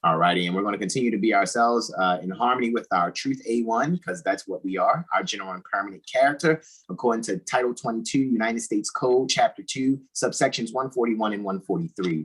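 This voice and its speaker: A man's voice: lowish voice, fairly bright tone, slightly rough, rough recording. A man hosting a casual podcast, talking in an emphatic, preachy way and often repeating "all righty". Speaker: host.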